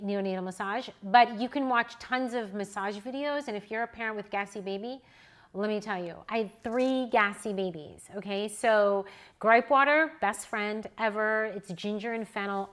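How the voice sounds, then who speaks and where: A woman in her forties, a newborn photographer and educator, telling animated personal stories to an audience in a casual way. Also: mid-range voice, normal speed. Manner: animated, chatty, personal anecdotes. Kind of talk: casual storytelling to a live audience.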